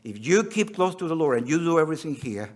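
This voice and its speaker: A male preacher whose accent blends Spanish with Australian. He has a somewhat high voice. He preaches in an earnest way, reading scripture and acting out the quoted lines. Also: big pitch swings, quick pace. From Spanish-speaking country. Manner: earnest, reads scripture aloud and acts out quotes. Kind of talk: sermon.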